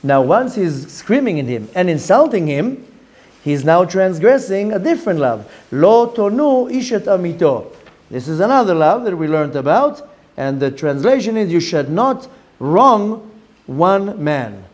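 A man teaching a Torah class as a rabbi, who quickly reads Hebrew passages aloud and acts out the people in his example. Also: high-pitched, very animated, darkish tone. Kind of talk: animated Torah lesson.

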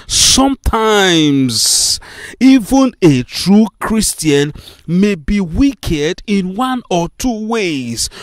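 A man's voice: high voice, no room sound, clean studio sound. A man preaching a sermon, listing sins with emphasis and pressing his listeners to repent. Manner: emphatic listing, rising to urgent appeals.

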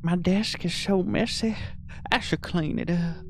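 A man voicing a quiet, lonely person who lives alone in a small home, in a video game playthrough, speaking softly in a slightly raised voice. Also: high-pitched, steady tone, measured pace, creaky. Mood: wistful.

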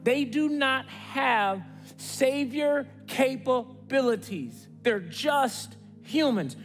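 A male pastor delivers a sermon with a high, bright voice. He talks conversationally, dropping to hushed tones and then rising with excitement. The sound carries a long church reverb with faint music behind it. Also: extremely slow. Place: church stage.

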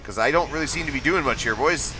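A man streaming live gameplay, excitable, laughing often and trash-talking the enemies on screen. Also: medium pitch, fast talker, soft background music. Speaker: game streamer.

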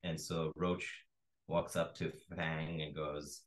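Deep-voiced man hosting a baking class. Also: measured pace, poor audio. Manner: animated storyteller, acts out quotes. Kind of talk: casual storytelling during a baking demo.

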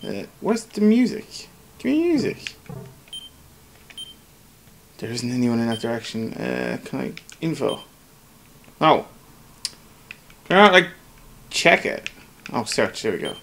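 A man's voice: mid-range voice, very animated, unhurried, gravelly, long pauses, a bit bright, slight background noise. A man casually commenting on a game he plays, swearing and joking as he reads the text aloud. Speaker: gameplay commentator. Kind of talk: casual let's play commentary.

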